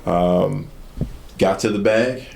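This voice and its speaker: A man's voice: low voice, takes it slowly, vocal fry, slight background noise. A young man, a podcast guest, telling a story casually with plenty of fillers. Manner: relaxed, many fillers. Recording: echoey room.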